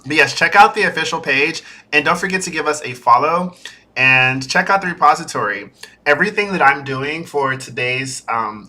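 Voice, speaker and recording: A chatty man with a bright, mid-range voice streams from a home setup with a green screen. He's a software developer doing a build-in-public series, talking casually on a livestream, easily sidetracked and using fillers.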